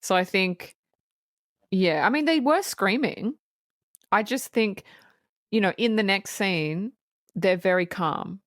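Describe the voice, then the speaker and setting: Lively swearing woman podcast co-host. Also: medium pitch, takes it slowly, pauses often, no room sound, clean studio sound. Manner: lively, swears freely, laughs often. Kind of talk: casual film review chat.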